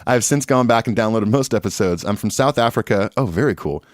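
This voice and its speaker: A man's voice: fairly low pitch, expressive, brisk, dry recording, clean studio sound. A man co-hosting a podcast in casual chat, reading listener emails in a laid-back, rambling way and laughing often. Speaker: podcast co-host. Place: Nashville.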